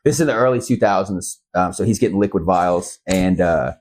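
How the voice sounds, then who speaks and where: A man's voice: low voice, brisk, darkish tone. A man from Central Illinois, a guest musician, telling a story in a casual podcast interview, rambling and swearing often. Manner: rambling and profane, often asks "you know what I mean".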